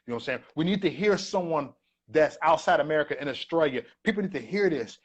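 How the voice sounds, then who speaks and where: A man's voice: fairly high pitch, animated, quick pace, slightly rough. A man hosting a casual interview over a video call, eagerly backing his guest with affirmations. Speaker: interview host.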